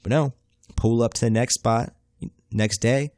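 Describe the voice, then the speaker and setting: Brief: young male podcast host, casual and profane, mid-pitched voice, dry unechoed audio. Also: fairly even intonation, measured pace, darkish tone, dry recording. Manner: profane, slangy, laid-back, says "bruh" often. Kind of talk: comedic storytelling monologue.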